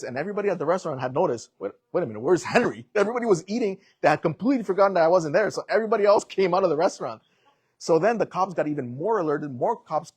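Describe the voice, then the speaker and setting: Animated young man telling a sermon story. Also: on the high side, slightly rough, no echo. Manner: animated storytelling, acts out quotes. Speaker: preacher.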